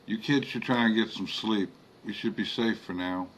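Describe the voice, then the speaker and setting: Man doing a calm old monster hunter. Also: lowish voice, normal speed, slight background noise, close to an everyday voice, low-quality recording. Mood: grave. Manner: gentle, fatherly, calls others my boy and my dear. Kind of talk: storytelling.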